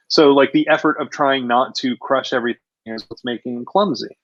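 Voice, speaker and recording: A man's voice: on the high side, a little fast, hardly any pauses, fairly bright tone, dry recording, lo-fi sound. A man hosting a casual chat, talking about movies in an enthusiastic, opinionated way. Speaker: host.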